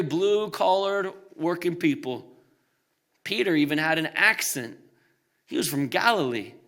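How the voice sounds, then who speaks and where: A man who is a pastor delivering a sermon, animated and humorous, swinging between loud emphatic peaks and quiet low passages. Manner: animated preaching with humorous asides.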